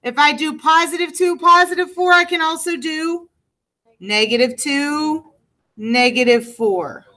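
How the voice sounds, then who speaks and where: Casting: female math teacher, high voice, unhurried, patient step-by-step classroom delivery. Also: bright, forceful tone, poor audio. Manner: patient, explains step by step, checks in with "okay". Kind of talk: classroom lecture to students.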